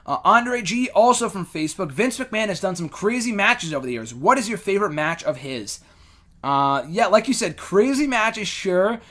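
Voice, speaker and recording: A fairly bright, high-sitting male voice with big pitch swings moves at a moderate pace. It belongs to a young man hosting a casual show, who answers fan questions in a rambling, filler-heavy chat laced with blunt opinions.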